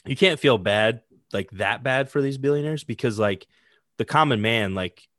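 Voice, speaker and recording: A man's voice: mid-range voice, moderate pace, a bit bright, no echo, clean studio sound. A man chatting casually, rambling with lots of "like" fillers and some swearing. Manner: rambling, heavy use of "like", swearing. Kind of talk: casual chat.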